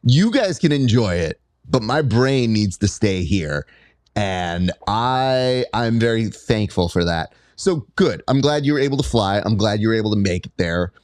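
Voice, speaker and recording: A man's voice: fairly low pitch, animated, moderate pace, a little mellow, dry recording, studio quality. A man hosting a casual interview, joking and telling stories as he asks questions. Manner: playful, joking storyteller. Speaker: podcast host.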